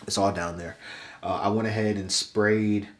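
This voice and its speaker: A man's voice: on the low side, moderate pace. A young man with a stuffy, congested voice, chatting casually to his viewers while giving a haircut tutorial in his bathroom. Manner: relaxed, chatty, addresses viewers directly. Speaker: vlogger. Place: small bathroom, indoors.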